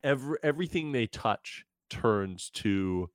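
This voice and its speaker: Young man, podcast co-host, casual recap chat, lively rambling delivery, dry close sound. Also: medium pitch, unhurried, dry recording. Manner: animated, rambling, self-mocking.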